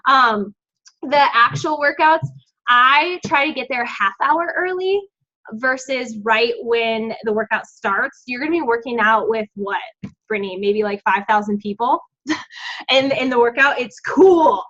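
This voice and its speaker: A woman's voice: fairly high pitch, a little slow, sharp tone. A woman giving her team an encouraging, chatty pep talk, full of "like" and "um". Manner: bubbly and encouraging, lots of "like" and "um". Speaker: team coach leading a group call. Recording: dull lo-fi sound.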